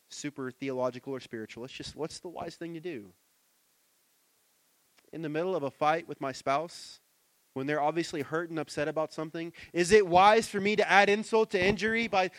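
A thirty-something pastor delivers a sermon in church, personal and conversational in style, moving between quiet asides and loud bursts of emphasis. He has a fairly high voice, and the recording carries no room sound.

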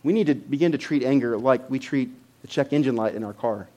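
A man preaching a sermon to a congregation, conversational, with loud emphatic bursts and frequent repeated words. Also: mid-range voice, fairly quick. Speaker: pastor.

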